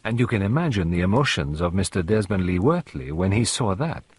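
Give me a man doing a precise elderly Belgian detective, husky and animated, from a storybook reading. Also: sits low, dry recording, exaggerated voice. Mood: explaining. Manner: measured, formal, sprinkled with French words.

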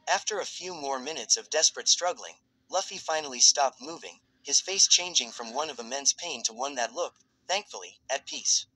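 A man reading fan fiction aloud as a narrator in a steady, even storytelling voice. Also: medium pitch, moderate pace, few pauses, no room sound, poor audio.

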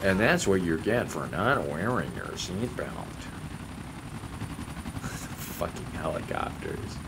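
A man's voice: low-pitched, sing-song, very slow, heavy background noise. A man giving casual gameplay commentary, sarcastic and mock-polite, swearing often as he plays. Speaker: gaming YouTuber.

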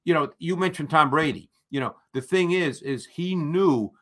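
A man who is a football analyst, explaining tactics in a measured, explanatory way. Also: fairly high pitch, a bit bright.

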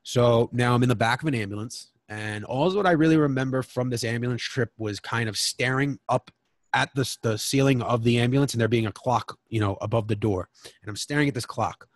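A man speaks as a guest on a podcast, recounting his own story in a frank, emotional way and swearing freely. His voice sits at an ordinary middle pitch. The sound is close and dry, with no room echo. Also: a little fast. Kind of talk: candid personal storytelling.

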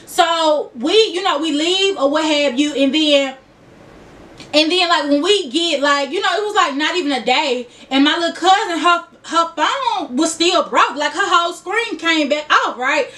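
Young woman, memphis accent, high voice, giggly and chatty, mic a bit far off. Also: lively intonation, moderate pace, bright, forceful tone. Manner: chatty, giggly, talks straight to viewers. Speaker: vlogger. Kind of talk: casual get-to-know-me chat.

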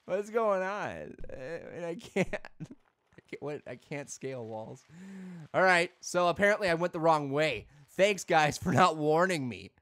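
A man hosting a let's play video, commenting in a goofy, excitable way and laughing often at his own jokes. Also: a little high, measured pace. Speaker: gaming video host.

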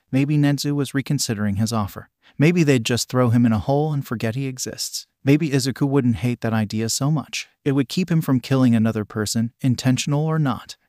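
A man narrates a dark fan story in an even, literal read that spells out symbols. His pitch sits mid-range, and the sound is dry and close to the mic. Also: no echo.

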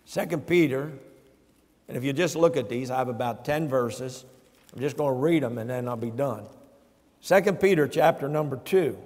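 A man's voice: mid-range voice, normal speed, a little mellow. A man, a pastor, preaching a sermon emphatically and putting rhetorical questions to his congregation in a church. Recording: long church reverb.

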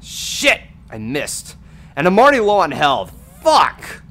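Animated man swearing through a game stream. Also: on the high side, slow. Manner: swears loudly at the game, frequent outbursts. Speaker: streamer playing a video game. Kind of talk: casual gameplay chat.

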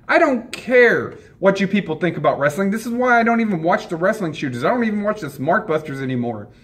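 A man with a high voice rants angrily as a wrestling YouTuber. He swears heavily and sounds dismissive of everyone he addresses. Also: lively intonation, quick pace, fairly bright tone. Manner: angry, profane, dismissive. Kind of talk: angry rant.

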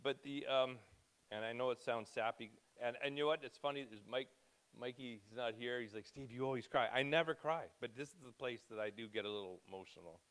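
A man's voice: medium pitch, brisk, a bit bright, smooth. A man in his fifties giving an informal church talk, rambling and self-interrupting, openly emotional as he speaks. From Canada. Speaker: preacher.

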